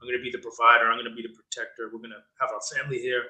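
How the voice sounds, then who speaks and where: A man co-hosting a fatherhood podcast in relaxed, casual conversation. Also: mid-range voice, very fast, rough recording. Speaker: podcast co-host.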